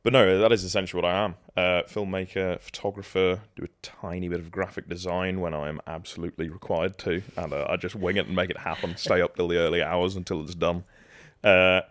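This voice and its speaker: A man's voice: low voice, little pitch movement, a little fast, few pauses, no room sound, clean studio sound. A young man with an English accent, co-hosting a casual podcast chat in a jokey, self-deprecating, rambling way. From England. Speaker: podcast co-host.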